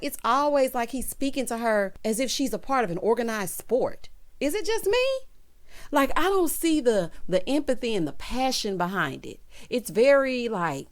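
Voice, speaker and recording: A woman hosting a casual reality-show recap, talking sassily and straight to her viewers, with big jumps in pitch for emphasis. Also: normal speed. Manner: sassy, animated, talks straight to the viewers. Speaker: TV recap host.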